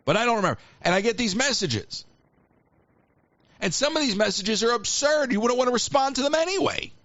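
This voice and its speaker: A man's voice: extremely high pitch, expressive, fairly quick, a bit bright, no echo, highs cut off. A man hosting a live call-in show, chatting in a rambling, self-deprecating way with joking asides. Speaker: radio show host.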